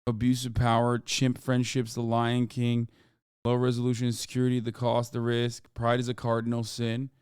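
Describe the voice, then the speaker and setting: A man's voice: mid-range voice, completely flat delivery, normal speed, a little mellow, clean tone, no room sound. A man streaming live, reacting casually on a close mic in a profane, incredulous, off-the-cuff way.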